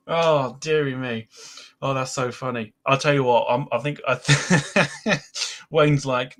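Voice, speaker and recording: A man's voice: medium pitch, takes it slowly, long pauses. A British man hosting a casual live aviation podcast, laughing often and chatting with guests. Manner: laughs a lot, giggly and animated. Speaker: podcast host. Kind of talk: casual live-stream chat.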